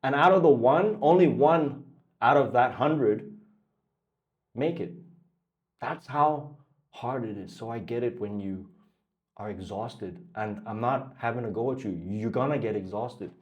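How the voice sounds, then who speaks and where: A man at a middle pitch gives a blunt motivational talk as a trading coach. He swears freely and drives his points home with repeated questions. The sound is dull and a little lo-fi. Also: unhurried.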